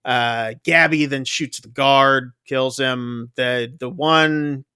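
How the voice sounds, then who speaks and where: Bright-voiced man recapping a movie. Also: mid-range voice, steady tone, clean tone, dry recording, studio quality. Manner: chatty, loose retelling with quick asides. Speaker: podcast co-host. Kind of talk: casual movie recap chat.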